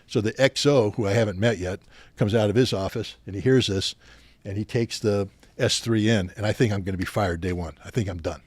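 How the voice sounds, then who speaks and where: An older man sits as a podcast guest and tells service stories with lively energy, slipping into the voices of officers he quotes. His voice sits low, and the sound is dry and close with no room around it. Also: fairly quick, no room sound. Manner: animated anecdotes, acting out quoted officers. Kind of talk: storytelling in a podcast interview.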